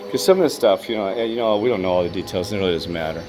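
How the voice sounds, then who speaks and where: Low-voiced man rambling through an old hotel. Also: rapid-fire. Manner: musing, talks to himself while exploring; calls out commandingly to a spirit. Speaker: paranormal investigator vlogger. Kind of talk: rambling walk-through commentary.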